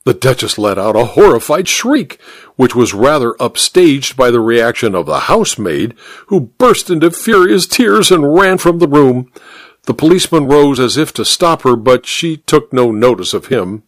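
A man narrating a story aloud, expressive and doing every character's voice. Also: mid-range voice, moderate pace, no room sound. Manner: expressive, reads all the voices. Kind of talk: scripted narration.

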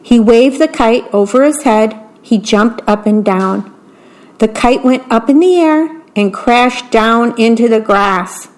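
As a volunteer radio reader, a woman reads a children's bedtime story aloud slowly, clearly, and gently, in a voice on the high side.

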